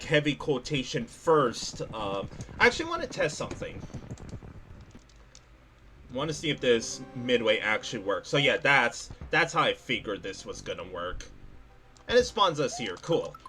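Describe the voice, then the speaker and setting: A young man commenting live on a game he is playing for his chat, excitable and quick to laugh and yelp. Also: mid-range voice, a little hiss or hum. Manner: excitable, laughs and yelps often. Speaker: gaming streamer.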